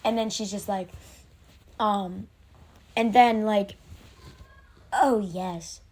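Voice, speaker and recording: A woman excitedly recapping an episode in a casual, rambling way, with many fillers and restarts. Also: medium pitch, slow.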